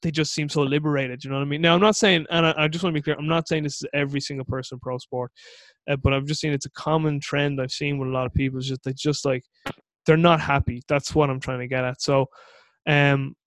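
A man hosting an interview at a rapid clip, his voice sitting a little high for a man. He rambles through long stories in a lively way. The sound is dry and close. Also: no room sound. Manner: rambling, animated, full of acted-out inner voices. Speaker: podcast host. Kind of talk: casual interview chat.

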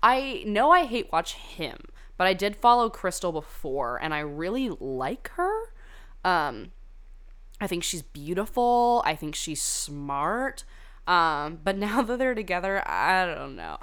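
A woman's voice: on the low side, very animated, takes it slowly, a bit bright, clean tone. A young woman hosting a casual chat, gossiping about reality TV contestants in a chatty, profane way full of "like" and side tangents. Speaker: podcast host reviewing a reality dating show.

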